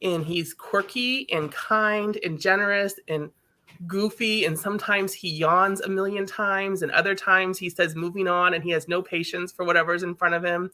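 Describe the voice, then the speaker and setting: A woman's voice: on the low side, steady tone, moderate pace, pushed and bright. A woman guest on a live chat, speaking sincerely and gratefully as a mom, in casual wording. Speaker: guest parent. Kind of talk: heartfelt live-stream chat.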